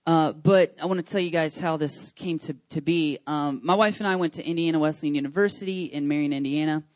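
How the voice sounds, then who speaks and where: Pastor, man, 30s, chatty and eager, slightly raised pitch, dry close sound. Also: brisk, no room sound. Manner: chatty, rambling with many fillers and restarts; enthusiastic, excitable. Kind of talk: casual church announcements. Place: church service.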